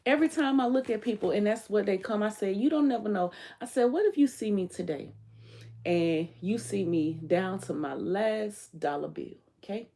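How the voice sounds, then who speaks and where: A woman's voice: mid-range voice, animated, moderate pace, dark tone. A woman hosting her own livestream, talking bluntly and emphatically in a candid, profane monologue, often quoting what she told others. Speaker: livestream host.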